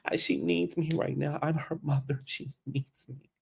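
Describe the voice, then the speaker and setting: A man doing a soft pleading mother. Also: fairly high pitch, fairly even intonation, normal speed, vocal fry, breathy edge, full character voice. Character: pleading distressed middle-aged mother.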